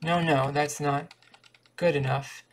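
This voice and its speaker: A vain, gallant singing teacher, pompous with his pupils, as a man reads him aloud in a storybook reading. The voice stays flat and level and carries a gravelly edge. It rarely rises above a plain reading tone. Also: a little high, takes it slowly, a little hiss or hum. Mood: ardent.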